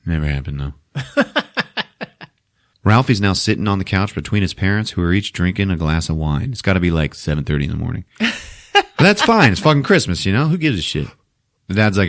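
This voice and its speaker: A man's voice: low voice, big pitch swings, a little fast, pauses often. A man hosting a podcast, recapping a movie in a casual, profane way, laughing often and acting out characters.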